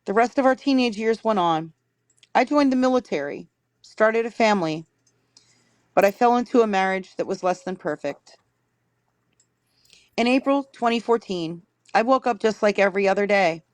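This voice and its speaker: Female streamer, steady read-aloud of viewer messages, dry close sound, mid pitch. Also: normal speed, pauses often, no echo. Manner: reads steadily, stops to correct herself. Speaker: livestream host reading viewer stories. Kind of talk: reading messages aloud on a livestream.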